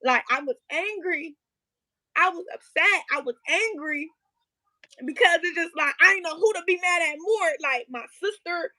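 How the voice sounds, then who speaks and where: A woman's voice: very high voice, expressive, moderate pace, bright, forceful tone, no echo, poor audio. A young woman tells an emotional, profane story in her own vlog, blunt and raw. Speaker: vlogger.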